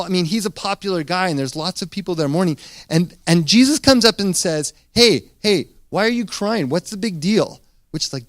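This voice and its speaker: A man preaching a sermon as pastor, retelling a scripture story in a casual, animated way with frequent restarts. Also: on the high side, dry recording, clean studio sound.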